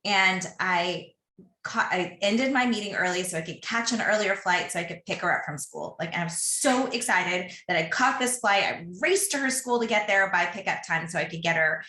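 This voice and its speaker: Bright-voiced woman telling a story in an echoey room. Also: medium pitch, normal speed. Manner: chatty, rambling storyteller with fillers and restarts. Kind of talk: casual podcast chat, personal storytelling.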